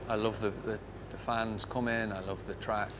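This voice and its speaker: A man from Britain, a motorcycle racer, answering an interview in a low-key, determined way. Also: little pitch movement, moderate pace. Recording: noisy outdoor paddock interview.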